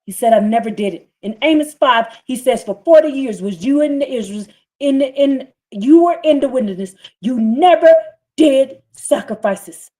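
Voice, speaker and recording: Fiery preaching woman, higher voice. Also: animated, moderate pace, dark tone. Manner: fiery, scolding, reads scripture in rising bursts. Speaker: preacher streaming a scripture reading. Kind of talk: impassioned live-stream sermon.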